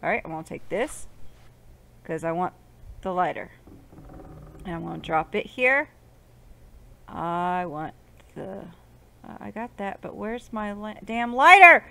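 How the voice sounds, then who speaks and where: A woman casually commenting while she plays a game, swearing and muttering to herself, with loud outbursts in between. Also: fairly low pitch, measured pace, vocal fry, pauses often. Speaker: gaming channel host. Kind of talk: casual let's-play commentary.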